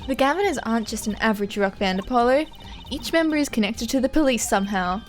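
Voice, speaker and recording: Cocky male rock-star prosecutor with a German accent, put on by a woman, smooth and showy; faint music behind. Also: fairly high pitch, animated, quick pace, close to an everyday voice. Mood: smug. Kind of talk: reading game dialogue aloud on stream.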